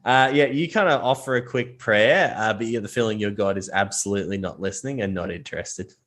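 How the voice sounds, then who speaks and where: A man's voice: on the low side, fairly bright tone. Profane man running a game. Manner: loose, profane, quick to laugh. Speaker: game master. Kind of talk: narrating a tabletop game.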